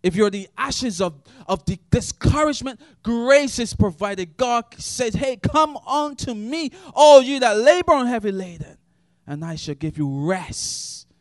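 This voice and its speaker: Impassioned high-voiced preacher. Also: male voice, animated, measured pace, no room sound, studio quality. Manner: impassioned preaching, swinging from shouts to hushed tones. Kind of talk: sermon.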